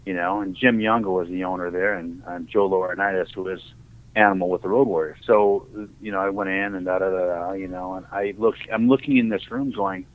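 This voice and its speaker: A lower-voiced middle-aged man from Ohio rambles through his stories as a podcast guest, jumping into the voices of the people in them. His voice comes through thin and tinny, like a phone line. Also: a little fast. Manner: rambling, animated, acts out quoted dialogue. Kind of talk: casual storytelling.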